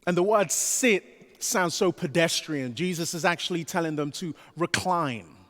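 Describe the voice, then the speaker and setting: A man preaching a sermon as pastor, animated, with his voice rising to a pleading pitch as he voices the disciples. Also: normal speed. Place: church sanctuary. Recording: long reverb of a large church sanctuary.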